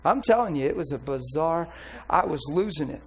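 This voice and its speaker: Blunt, animated preacher man. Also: a little high, fairly quick, slight background noise, rough recording. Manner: candid, blunt, animated storytelling. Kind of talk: sermon testimony.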